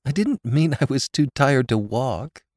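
A man voicing a gentle, frightened young woman in a storybook reading, speaking softly and pleadingly. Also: mid-range voice, expressive, unhurried, no echo, studio quality, voice pushed up. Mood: weary.

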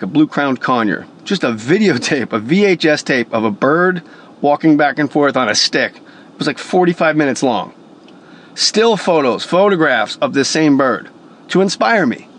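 A man's voice: fairly high pitch, lively intonation, normal speed, fairly bright tone. A man telling a story in an emphatic, profane, casual way, a voice actor by trade.

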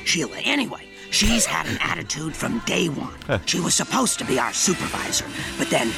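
An actor voicing a grumpy middle-aged female office clerk in a cartoon, with a gravelly voice and a gossipy, griping way of talking. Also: low voice, very animated, normal speed, heavily acted. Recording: cartoon clip with music behind. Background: music.

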